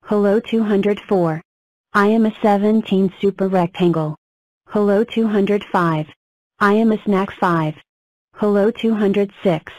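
A woman voicing a cheerful talking number block in a cartoon, introducing itself in a flat, even way. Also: mid-range voice, unhurried, dry recording, natural voice, low-quality recording. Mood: plain.

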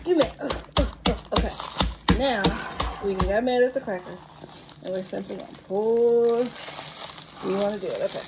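A woman with a high, lively voice talks slowly and playfully as she guides her small son through a recipe. Her coaxing has an easy, teasing warmth to it. The home recording carries a clear layer of background noise. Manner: playful, coaxing, giggly encouragement. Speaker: mother cooking with her young son. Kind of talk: casual home cooking vlog.

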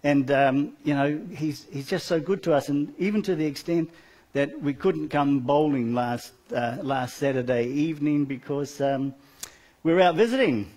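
A man's voice: on the high side, moderate pace, darkish tone. A middle-aged man in a church giving an earnest, rambling personal testimony with many fillers, then leading a prayer.

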